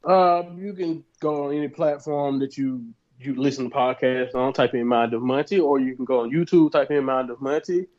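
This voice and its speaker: A man's voice: medium pitch, moderate pace. Chatty male co-host, lo-fi sound. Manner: relaxed, chatty, self-promoting. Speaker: podcast co-host. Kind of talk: casual podcast chat. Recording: dull lo-fi sound.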